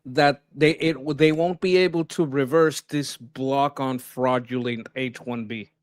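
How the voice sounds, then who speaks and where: Co-host, male, mid-pitched, blunt explainer, dry close mic. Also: steady tone, unhurried, no echo. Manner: blunt, explanatory, stumbles and restarts. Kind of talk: casual political chat.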